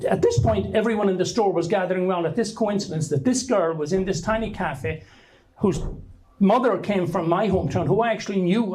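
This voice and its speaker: Irish man, middle-aged, fairly high voice, rambling anecdotes, stop-start storytelling talk. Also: darkish tone, rough recording. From Ireland. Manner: rambling anecdotal, frequent restarts. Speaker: author giving a talk. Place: hall at a book launch.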